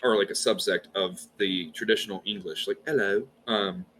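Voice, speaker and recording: Bright-voiced Southern man telling stories. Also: deep voice, steady tone, normal speed, slight background noise. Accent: light Southern US. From Georgia, US. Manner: storytelling, precise enunciation. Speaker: podcast guest. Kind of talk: casual chat.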